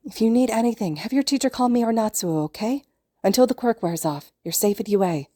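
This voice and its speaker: A woman's voice: on the high side, brisk, warm tone, dry recording, studio quality, voice pushed up, natural voice. A woman voicing an anxious, tearful young big sister in a storybook reading, stammering and shaky.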